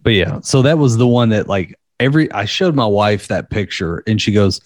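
A man co-hosting a podcast, rambling casually and swearing as he tells a dark story. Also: on the low side, a little fast, hardly any pauses, dry recording, studio quality. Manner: rambling, profane, laughing at dark material. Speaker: podcast co-host.

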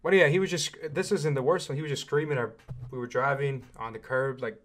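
A man's voice: mid-range voice, steady tone, a little fast, a bit bright. A young man, a podcast host, talking in a laid-back casual way and wrapping up the episode. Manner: laid-back, brief responses. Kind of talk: casual chat.

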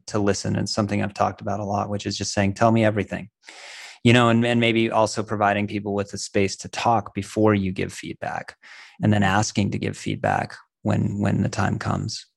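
Gravelly, flat-voiced male host. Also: fairly low pitch, dry recording, clean studio sound. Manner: earnest, halting. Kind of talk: casual interview talk.

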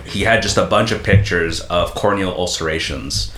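A man's voice: sits low, moderate pace, crowd noise. A man from New Jersey chatting casually on a podcast, telling stories and laughing often. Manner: animated storyteller, laughs often. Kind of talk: casual chat.

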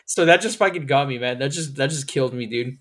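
A man's voice: mid-range voice, quick pace. Rambling, laughing male podcast host. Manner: rambling, swearing, laughs often. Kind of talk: casual podcast chat.

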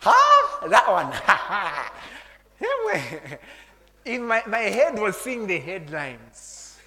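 A man preaching a sermon, animated, laughing often and breaking into shouts and tongues. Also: sits high, slow pace. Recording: long hall reverb.

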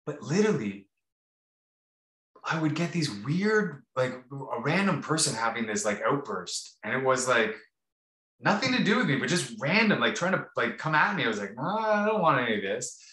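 A man's voice: mid-range voice, big pitch swings, normal speed, sharp tone. A man co-hosting a podcast, telling a rambling, casual story with many restarts and fillers. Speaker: podcast co-host. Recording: roomy echo.

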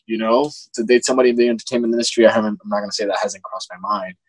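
A young man in his twenties, a guest actor in a casual interview, talking earnestly with halting restarts. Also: medium pitch, lively intonation, vocal fry, dry recording, rough recording. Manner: earnest, halting, many restarts and "you know".

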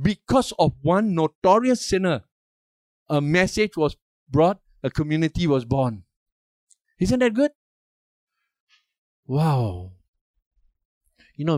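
A man's voice: fairly high pitch, darkish tone, dry recording, clean studio sound. An older man preaching a sermon as a pastor, emphatic and asking the congregation questions for response.

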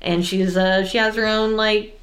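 A woman's voice: mid-range voice, level tone, unhurried, a loud crowd. A woman co-hosting a casual film podcast, chatty and full of fillers. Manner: chatty, many fillers, quotes scenes in shrieky voices. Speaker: podcast co-host. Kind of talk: casual chat about films.

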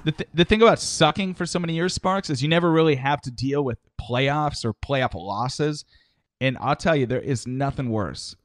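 A man's voice: medium pitch, moderate pace, no room sound, clean studio sound. A man co-hosting a casual chat, teasing and needling his partner. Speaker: podcast co-host.

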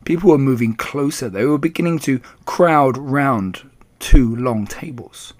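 A man narrating a children's storybook aloud in an expressive, animated way. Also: medium pitch, unhurried. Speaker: audiobook reader.

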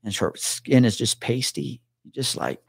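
A mid-pitched man tells a police war story on a podcast in loose, casual talk. He swears freely and drops into the voices of the people he met. The sound is dry and close, with no room around it. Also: unhurried, gravelly, slightly rough, no room sound. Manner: swears freely, acts out others' words. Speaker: podcast guest, retired police officer.

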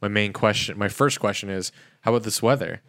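A low-pitched man with a gravelly edge co-hosts a podcast. He rambles on and keeps saying "like" in a loose, casual way. The sound is dry and close to the mic. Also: brisk, a bit bright, dry recording. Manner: rambling, chatty, hedges with "like". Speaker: podcast co-host.

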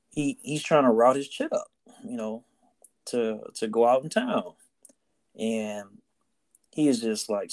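A man's voice: lowish voice, a little mellow. A man co-hosting a casual podcast chat, telling a story and often tagging lines with "right?" and "you know". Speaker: podcast co-host, Navy sailor.

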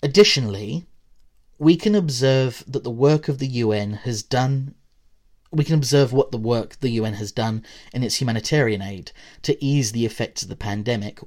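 A man with a middle-pitched voice reads a prepared academic essay for his podcast, working through long quoted passages. He lifts his voice at each new point and lets it sink quietly at the ends of sentences. Now and then he breaks off into a casual aside to the listener. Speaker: podcast host. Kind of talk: reading a prepared essay on politics.

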